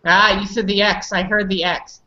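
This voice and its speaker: A woman leads an online pronunciation lesson, patiently correcting and prompting her students. She speaks at a mid pitch. The sound is dull and lo-fi, like a video call. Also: level tone, moderate pace, pushed and bright. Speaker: English pronunciation teacher. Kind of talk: online class instruction.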